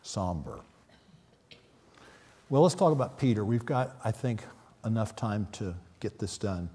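A man's voice: fairly low pitch, lively intonation, normal speed, dark tone, husky. A man preaching a sermon, earnest, with sudden emphatic peaks. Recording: long hall reverb.

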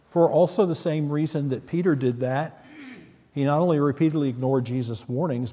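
A man's voice: medium pitch, dark tone. A man preaching a sermon, earnest, with sudden emphatic peaks. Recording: long hall reverb.

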